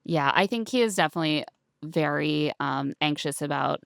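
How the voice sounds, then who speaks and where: A woman's voice: low-pitched, moderate pace, vocal fry, smooth, no echo, clean studio sound. A woman co-hosting a podcast, recapping a reality show in casual chat and acting out the quotes in shifting voices. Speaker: podcast co-host.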